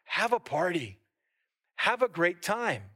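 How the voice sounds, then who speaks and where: A pastor delivering a sermon in a high, bright voice. He preaches with lively asides to the congregation. He also reads long scripture passages aloud. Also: slow.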